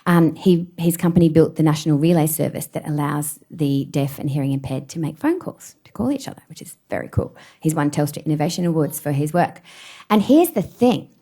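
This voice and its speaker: A woman's voice: low-pitched, fairly quick, breathy edge. A woman in her forties giving a public talk from a stage, telling self-deprecating personal stories with plenty of laughter. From Australia. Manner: animated storyteller, self-deprecating, laughs often. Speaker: keynote speaker.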